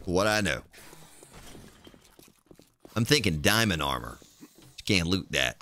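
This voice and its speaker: A man's voice: lowish voice, big pitch swings, measured pace, pauses often, sharp tone. A man streaming a game, chatting casually and thinking aloud as he plays. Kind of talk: casual gameplay commentary.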